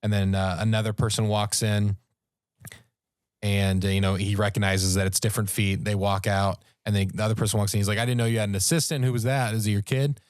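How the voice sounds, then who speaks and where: A man, a podcast co-host, telling a story in casual, animated talk and raising his voice at the tense moments. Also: fairly low pitch, fast, clear, resonant tone, no echo, studio quality. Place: podcast studio.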